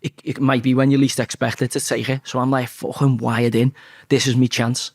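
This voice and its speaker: Gravelly Scouse man telling stories. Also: mid-range voice, brisk, no room sound, studio quality. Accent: Liverpool Scouse. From Liverpool, England. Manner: blunt, swears freely, animated storyteller. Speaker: interview guest. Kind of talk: casual storytelling interview.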